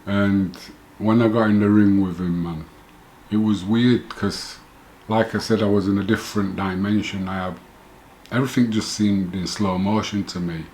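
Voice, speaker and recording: A man's voice: lowish voice, fairly even intonation, moderate pace, a little mellow, a little hiss or hum. A middle-aged man telling his own story in a rambling, self-correcting way, chuckling now and then. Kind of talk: casual first-person storytelling.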